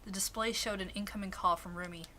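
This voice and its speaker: A woman streamer reading a visual novel aloud, steady narration with asides. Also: medium pitch, fast talker, a little hiss or hum. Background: game music.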